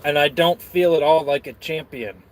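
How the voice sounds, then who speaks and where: A man's voice: fairly high pitch, normal speed, slight background noise. A man chatting casually on camera while eating and reading out chat, full of crude, rambling, self-mocking jokes. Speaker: streamer reading chat messages.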